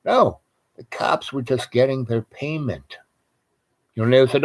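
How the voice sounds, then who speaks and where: A man with an ordinary mid-range voice spins a loose personal story as a guest. He wanders off track and doubles back on his words, and he swears freely in a relaxed, conversational way. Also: medium pitch, a little slow. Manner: rambling, digressive, frequent restarts and profanity. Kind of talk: casual anecdotal storytelling.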